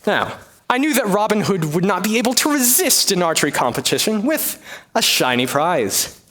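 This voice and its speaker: A man's voice: sits high, very animated, moderate pace, a bit bright. A young man as a scheming sheriff. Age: young adult. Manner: theatrical, storytelling. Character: scheming male sheriff narrating his woes. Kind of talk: one-man stage comedy, narrated.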